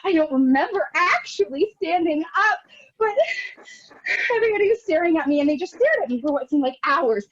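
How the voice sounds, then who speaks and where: A woman's voice: extremely high pitch, expressive, fairly quick. A young woman acting a neurotic, self-pitying married woman in a rambling, anxious theatre monologue over a video call. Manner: rambling, anxious, bursting into near-tearful shouts. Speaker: actor in a scene study. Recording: dull lo-fi video call audio.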